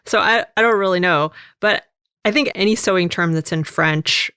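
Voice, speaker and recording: A woman's voice: lowish voice, normal speed, bright, forceful tone, clear, resonant tone, dry recording, clean studio sound. An American woman hosting a podcast in casual chat, laughing often as she talks. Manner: laughs often while talking. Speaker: podcast host.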